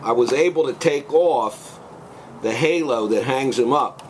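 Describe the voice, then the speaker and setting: Man calmly explaining a gadget tip. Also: mid-range voice, a little slow, a little hiss or hum, poor audio. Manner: plain, patient explaining. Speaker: blogger showing a gadget. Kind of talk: casual demonstration. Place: at home, out front.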